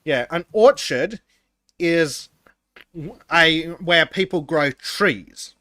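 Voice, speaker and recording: A man's voice: fairly high pitch, lively intonation, slow, bright, forceful tone, no room sound. A man co-hosting a casual podcast, reading chat comments aloud, laughing often and stumbling over his words.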